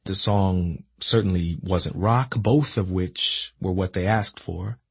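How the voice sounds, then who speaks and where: Husky, low-voiced man reading a memoir. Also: no echo. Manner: reflective, measured storytelling. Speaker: narrator reading his memoir. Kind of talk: audiobook memoir narration.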